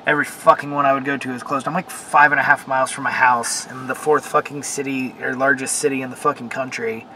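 A young man rants in a casual vlog, swearing freely and trailing off into fillers as he vents. His voice sits at an ordinary middle pitch. A noisy hum of air conditioning and passing traffic runs behind him. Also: level tone, quick pace, few pauses, bright, forceful tone. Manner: frustrated, cursing, rambling with fillers. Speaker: vlogger. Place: in a car at a car wash.

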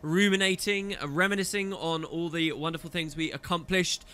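A man's voice: a little high, slight background noise. A man hosting a let's play, chatting upbeat with many fillers and reading a story aloud. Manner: upbeat, loud, filler-heavy. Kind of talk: gameplay commentary and story reading.

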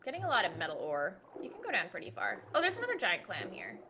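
A woman's voice: fairly low pitch, huge pitch swings, fast, sharp tone, slight background noise. A woman in a casual co-op gaming chat, chatty and playful, with lots of filler words. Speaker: co-op gaming partner.

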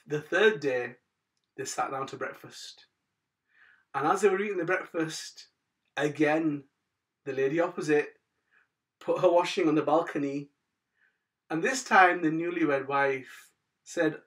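A man's voice: on the high side, unhurried, pauses often, far from the mic. Chatty man telling a moral story. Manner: chatty, says "guys" often, trails off softly at phrase ends. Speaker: host of a daily moral story channel. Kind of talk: casual storytelling with religious advice.

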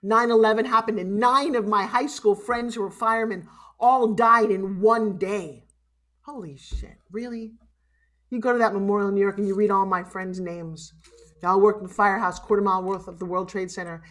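A middle-aged woman giving a live motivational keynote, animated and emotional, swinging from loud exclamations to hushed asides. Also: medium pitch, a little fast. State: tearful at times. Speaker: motivational speaker.

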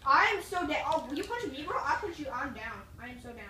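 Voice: high-pitched, lively intonation, fast, bright, forceful tone. A young gamer giving casual, rambling commentary while playing, often trailing off mid-thought. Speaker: gamer co-host. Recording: roomy, distant mic, faint hiss.

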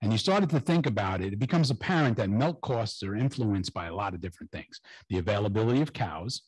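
A male pastor delivers a sermon in a church, his voice slightly husky and swinging widely up and down in pitch. He keeps it conversational, tossing joking asides to the congregation. The sound is close and dry, with little room echo. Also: lively intonation, fast talker, darkish tone. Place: church sanctuary.

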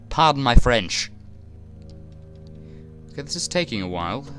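A man's voice: medium pitch, sing-song, a little slow, pauses often, fairly bright tone, faint music behind. A man commentating a horror game he is playing, jittery and swearing often as he talks to himself. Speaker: let's player.

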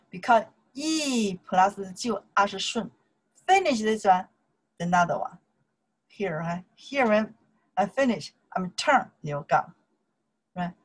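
A woman's voice: mid-range voice, expressive, slow, pauses often, breathy edge, low-quality recording. A woman with a Chinese accent, a native Chinese speaker teaching a language lesson in simple English, explaining grammar and repeating phrases.

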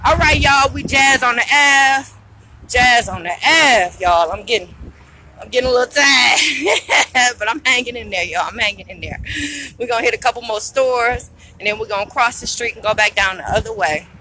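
A woman hosting a live radio broadcast from a street festival, talking fast and hyping up the people she meets. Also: on the high side, pushed and bright, a little hiss or hum. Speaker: radio host.

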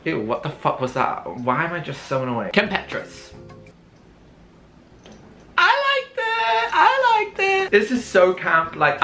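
A young British man with a bright, forceful voice delivers camp and sassy fashion commentary, his pitch leaping all over the place. The room is echoey, with faint music playing behind him. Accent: British English. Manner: camp, sassy and theatrical, swings into squeals. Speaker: YouTube commentator. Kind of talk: casual reaction commentary.

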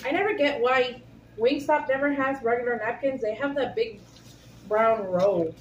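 A woman's voice: a little high, moderate pace, muffled recording. A woman hosting a casual food-tasting vlog, chatty and giggly, talking straight to her viewers. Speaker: vlog host. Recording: echoey room with faint hiss.

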